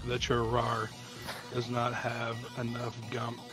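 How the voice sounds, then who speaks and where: A man's voice: mid-range voice, completely flat delivery, measured pace, over loud music. A man on a game studio team, chatting casually in a matter-of-fact way. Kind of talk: casual chat.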